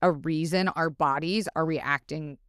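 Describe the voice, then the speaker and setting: A woman with a lowish, smooth voice talks openly as a podcast guest, expressive and blunt, dropping curse words and acting out her inner voices. The sound is close and dry. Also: measured pace, no echo. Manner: frank and expressive, swears freely, acts out inner dialogue. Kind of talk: casual interview chat.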